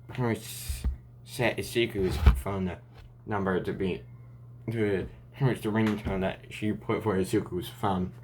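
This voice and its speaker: A man's voice: on the low side, a little mellow, a little hiss or hum. A man improvising a fan story aloud, rambling and restarting often between lines.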